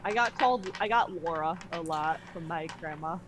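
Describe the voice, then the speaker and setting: A woman's voice: fairly low pitch, normal speed, background noise. A woman player chatting and giggling during a tabletop stream. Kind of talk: casual stream chat.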